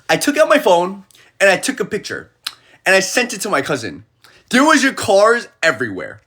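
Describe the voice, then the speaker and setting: A young man chatting casually on a phone livestream, an animated storyteller who acts out the people he quotes. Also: high voice, normal speed, breathy edge.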